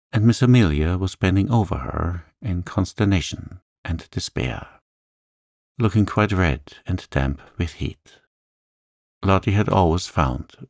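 A man narrating a classic novel as a calm, gentle sleep story. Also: deep voice, gravelly, no echo, clean studio sound.

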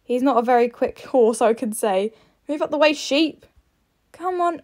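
A woman's voice: sits high, lively intonation, moderate pace, darkish tone. A woman casually narrating her gameplay, chatty and coaxing as she praises and urges on her horse. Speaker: gaming vlogger.

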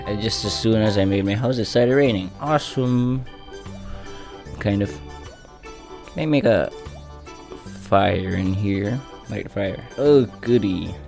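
Goofy, low-voiced young gaming man. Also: darkish tone. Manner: rambling, goofy, swears a lot, sing-song exclamations. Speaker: gaming YouTuber. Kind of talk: casual gameplay commentary.

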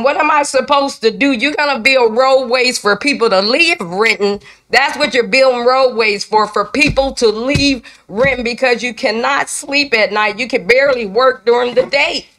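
Older woman, public comment at a council meeting, emotional, indignant, fairly high voice. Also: normal speed, few pauses, pushed and bright. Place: council chamber.

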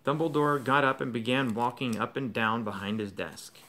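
A man reading a novel aloud to his children in a steady, even narrating voice. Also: medium pitch, moderate pace, few pauses.

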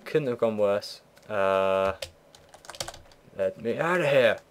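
A man's voice: lowish voice, lively intonation, slow pace. Teen guy rambling through a let's play at his computer, swears a bit, keyboard clicks and faint hiss behind. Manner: rambling, chatty, swears offhand. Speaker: gameplay commentator. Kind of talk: casual let's play commentary.

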